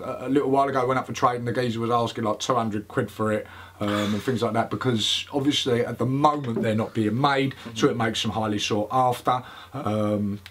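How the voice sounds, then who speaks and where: A man's voice: medium pitch, a little hiss or hum. A man giving a casual, chatty product review, with frequent fillers and the odd swear word. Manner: chatty, swears, laughs often, many fillers.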